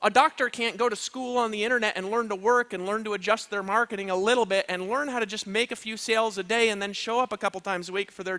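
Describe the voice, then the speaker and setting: A man's voice: sits high, bright, forceful tone. A man giving a live motivational seminar talk, emphatic and checking in with "right?" and "you know what I mean?". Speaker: motivational speaker. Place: event stage.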